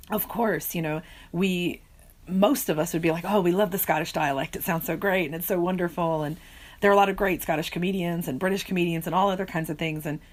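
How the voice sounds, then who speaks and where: Woman, professor, podcast guest, animated storyteller, slightly low pitch. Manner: animated storytelling, laughs easily. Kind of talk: podcast conversation.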